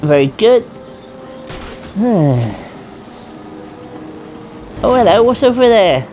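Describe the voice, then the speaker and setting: A woman giving loud, profane, playful let's-play commentary. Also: mid-range voice, sing-song, drawn-out words, a little hiss or hum. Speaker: gaming streamer. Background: game music.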